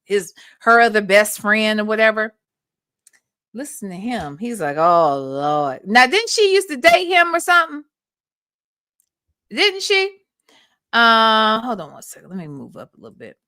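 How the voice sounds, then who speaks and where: A woman's voice: fairly high pitch, big pitch swings, moderate pace, long pauses, pushed and bright, no echo, studio quality. A woman hosting a livestream, giving blunt, profane commentary and talking back to the recordings she plays. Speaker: livestream host. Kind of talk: casual commentary on played recordings.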